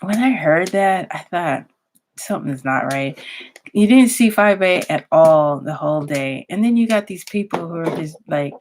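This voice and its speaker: A woman's voice: fairly low pitch, animated, normal speed, a little mellow, slight background noise. A woman vlogger chatting casually at her computer, rambling and restarting her sentences as she thinks aloud. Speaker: YouTuber. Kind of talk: casual vlog chat.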